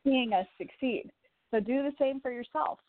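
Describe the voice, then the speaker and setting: A woman's voice: high-pitched, normal speed, dry recording. A woman hosting a call-in radio show, giving encouraging angel card readings to callers in a chatty, reassuring way. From Chicago. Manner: warm encouraging, chatty with laughs. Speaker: radio psychic reader and host. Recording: tinny phone-line sound, dry.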